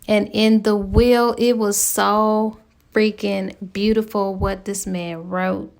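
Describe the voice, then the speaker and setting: A woman's voice: mid-range voice, level tone, slow pace, gravelly, darkish tone. A woman giving a chatty, slangy spoken recap of a novel's plot as a book reviewer.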